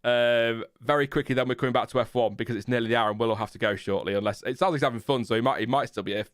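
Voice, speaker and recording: A man from Lincolnshire with a Lincolnshire English accent, hosting a live stream in casual chat, self-mocking and quick to laugh. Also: medium pitch, clean tone, no echo, clean studio sound. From Lincolnshire, England. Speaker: livestream host.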